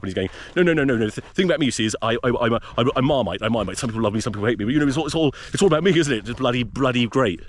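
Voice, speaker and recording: Low voiced guy rambling and swearing about rugby, out hiking in the desert. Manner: profane, rambling, jokey. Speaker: rugby podcast host. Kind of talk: casual rant while hiking. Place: outdoors in desert wilderness.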